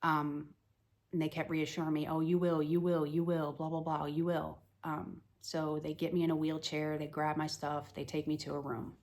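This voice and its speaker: A woman's voice: low voice, little pitch movement, moderate pace, a little mellow. A woman telling a personal story to the camera in a plain, conversational way, full of "you know"s. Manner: plain, matter-of-fact retelling. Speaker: mother telling of a pregnancy loss.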